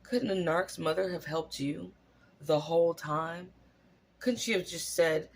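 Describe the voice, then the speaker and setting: A host delivering an animated, profane storytelling commentary, full of rhetorical questions. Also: mid-range voice, unhurried, gravelly. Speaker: channel host.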